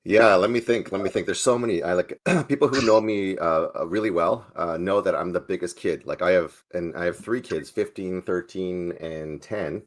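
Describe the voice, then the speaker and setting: A man in his forties, a sales trainer and former pastor, answering interview questions in a playful, energetic way. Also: low voice, moderate pace, hardly any pauses.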